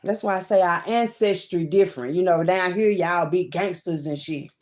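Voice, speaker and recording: A woman giving a card-reading monologue, swinging between loud outbursts and hushed asides and calling her listeners "baby" and "child". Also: on the low side, normal speed. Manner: talks to viewers as "baby" and "child".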